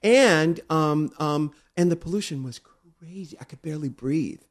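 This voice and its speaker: A man's voice: fairly high pitch, a little slow. A man hosting a podcast, playful and teasing, often incredulous in casual chat. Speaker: host.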